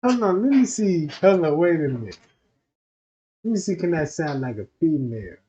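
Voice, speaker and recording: A man's voice: fairly high pitch, expressive, normal speed, mellow, highs cut off. A man doing rowdy, profane comedic commentary on a stream.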